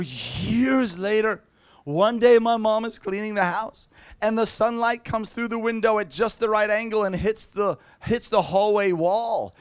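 This man speaks in a high voice and preaches as a lively storyteller. He jokes, laughs often and acts out the people in his stories. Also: smooth. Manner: animated, laughing storyteller who mimics people. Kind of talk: storytelling sermon.

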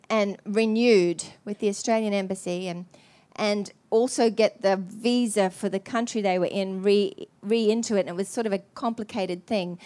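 A woman preacher telling a story in an earnest, halting way, with many restarts. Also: mid-range voice, a little mellow. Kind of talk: sermon storytelling.

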